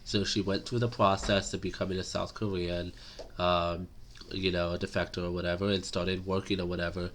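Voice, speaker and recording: A man's voice: sits low, little pitch movement, fairly quick, a bit bright, slight background noise. A man giving casual political commentary to camera, rambling and opinionated with many fillers.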